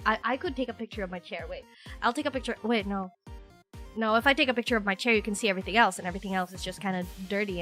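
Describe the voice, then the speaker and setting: Fast-talking bright young woman streamer. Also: a little high. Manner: fast, rambling and animated, often self-interrupting. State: recovering from illness, voice sounds rough. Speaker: VTuber streamer. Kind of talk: casual chat with viewers.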